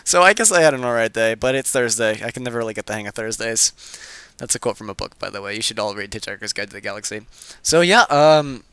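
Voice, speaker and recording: A man's voice: on the low side, expressive, fast talker, bright, forceful tone, clear, resonant tone, dry recording. A teenage boy hosting a game channel, talking in a hyper, rambling casual chat that keeps interrupting itself. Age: teens.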